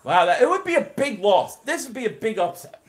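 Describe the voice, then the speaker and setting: High-voiced man calling a game live. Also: fairly quick. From Philadelphia area. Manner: excited play-by-play calling, reading and answering chat. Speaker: live stream host. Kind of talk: live game reaction stream.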